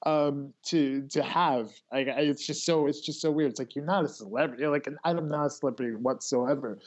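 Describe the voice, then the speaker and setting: A man's voice: a little high, a little fast. A man telling stories in casual conversation as a guest, rambling with many fillers and restarts. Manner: rambling, filler-heavy, animated storytelling. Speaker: guest, artist.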